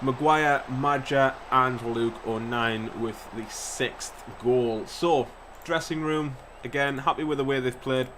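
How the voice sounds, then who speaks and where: Excitable man doing game commentary. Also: medium pitch, slow, noisy background. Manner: excitable, commentator-style play-by-play, swears. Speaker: gaming YouTuber. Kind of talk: casual gameplay commentary.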